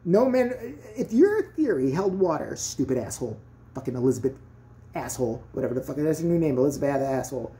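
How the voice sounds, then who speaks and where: A man's voice: fairly high pitch, big pitch swings, fairly quick, warm tone. A man delivering an angry, profane, sarcastic rant as a vlogger. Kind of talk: angry ranting commentary.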